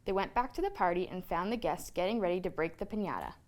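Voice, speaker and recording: Animated woman reading a children's story. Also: on the low side, quick pace. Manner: expressive, animated read-aloud. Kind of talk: reading a children's picture book aloud.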